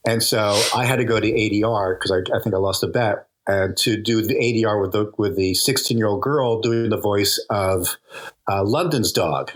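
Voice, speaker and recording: A man's voice: fairly low pitch, normal speed. An older man, a TV comedy writer, telling stories in a casual interview, chatty and laughing often. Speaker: guest, TV comedy writer and producer.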